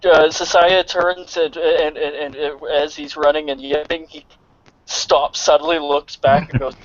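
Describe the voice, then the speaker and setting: An excitable man playing a tabletop game, stumbling over his words, heard on a dull lo-fi recording. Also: a little high, unhurried. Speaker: player. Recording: dull lo-fi recording, faint room noise.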